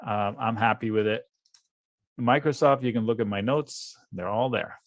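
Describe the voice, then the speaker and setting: A man's voice: lowish voice, moderate pace, dry recording. A man giving blunt, offhand commentary as a guest trader on a live trading webinar, thinking aloud over charts.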